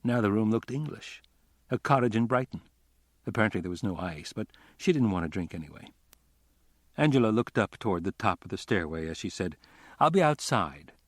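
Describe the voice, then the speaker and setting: Low-voiced male audiobook narrator. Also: expressive, brisk, no echo, clean studio sound. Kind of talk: scripted narration.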